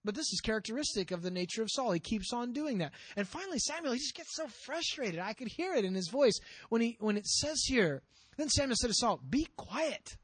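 A male pastor preaching a sermon, telling a story with animation and acting out the characters' lines, dropping low for emphasis. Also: expressive, a little fast, a bit bright, no echo.

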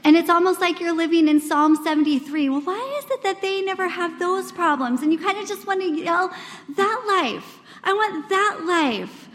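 A high-pitched woman in her forties gives a sermon to a room of women, talking in an earnest, conversational way. She acts out quoted voices with big swings in pitch. The long reverb of a large church hall carries her voice. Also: a little fast, hardly any pauses. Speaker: speaker at a women's church gathering.

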